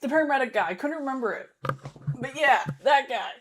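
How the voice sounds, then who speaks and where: A woman's voice: high voice, lively intonation, fairly quick, slight background noise. A woman hosting a casual reaction livestream, rambling and correcting herself, laughing easily. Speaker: streamer host.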